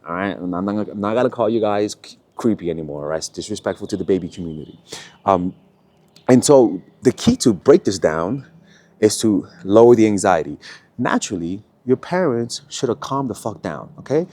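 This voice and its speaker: A man with a slightly low-pitched voice delivers a casual coaching talk. He is animated and blunt, drops in profanity, and keeps asking "right?" to pull the listener along. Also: normal speed, no echo. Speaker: dating coach.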